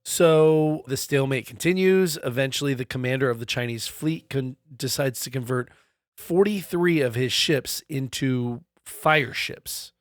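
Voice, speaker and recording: A man's voice: mid-range voice, a little slow, no echo, clean studio sound. Profane laughing man telling history. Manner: loose, profane, laughing storyteller. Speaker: podcast co-host telling the history. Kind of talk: casual comedic history podcast chat.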